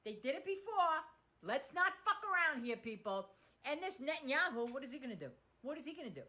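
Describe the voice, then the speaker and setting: A woman with a high, bright and sharp voice delivers a fiery, profane political rant. She talks in a heated, sarcastic way, punching each line with anger. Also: sing-song, fairly quick. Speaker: political commentator.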